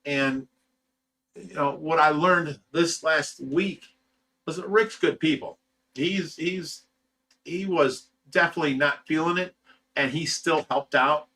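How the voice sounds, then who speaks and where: A man's voice: a little high, slow, sharp tone, far from the mic. A man hosting a livestream, chatting casually and reading viewer comments in a blunt, rambling way, swearing freely. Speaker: livestream host reading chat.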